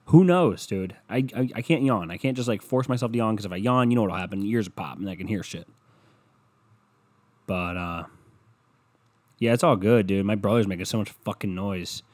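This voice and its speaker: A man's voice: on the low side, normal speed. Profane young man ranting on a podcast. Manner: profane, rambling, loud. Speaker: podcast host. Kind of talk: casual rant monologue. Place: room at home.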